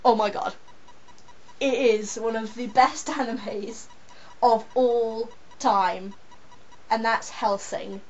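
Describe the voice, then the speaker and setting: An excitable young woman gushes in a casual, rambling chat. Her voice sits a touch high. The audio is dull and lo-fi with a faint hiss. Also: slow pace, long pauses. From England.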